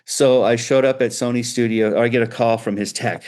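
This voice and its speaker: A middle-aged man, a guitar builder, chatting as a guest in an interview and telling animated, loose stories with frequent restarts. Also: medium pitch, a little fast. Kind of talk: casual storytelling interview.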